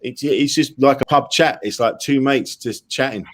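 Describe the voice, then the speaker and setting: A man's voice: mid-range voice, moderate pace. A man, a comedian guest on a talk show, chatting casually and acting out his inner voices with jokes. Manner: animated, jokey, acts out inner voices. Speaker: comedian and podcast host, guest. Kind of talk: casual chat.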